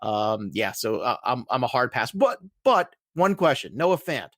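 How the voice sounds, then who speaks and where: A man co-hosting a casual fantasy football podcast, talking in an excitable, emphatic way and laughing often. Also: medium pitch, unhurried, no room sound, clean studio sound. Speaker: podcast co-host.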